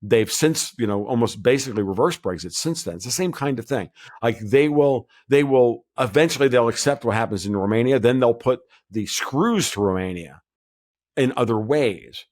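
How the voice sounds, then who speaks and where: Casting: male podcast guest, mid-pitched, blunt, rambling, lots of restarts. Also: expressive, moderate pace, darkish tone. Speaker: guest commentator. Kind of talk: casual podcast interview.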